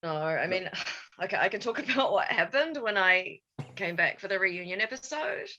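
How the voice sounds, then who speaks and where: A woman's voice: medium pitch, expressive, moderate pace, pushed and bright, lo-fi sound, a little hiss or hum. A woman chatting as a guest on an online panel, laughing easily as she talks over a video call. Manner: giggly, laughs easily while talking. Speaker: panel guest, former series actress. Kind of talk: casual panel chat.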